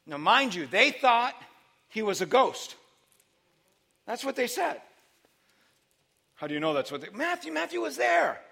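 A man preaching a sermon, moving between quiet teaching and loud, shouted preaching. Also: extremely high pitch, very animated, a little slow, gravelly, pauses often, husky.

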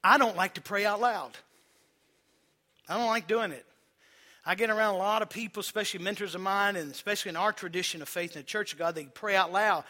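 A male pastor preaching a sermon, calling on the congregation to respond and repeat after him, moving between quiet, slow passages and loud, emphatic ones. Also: high-pitched.

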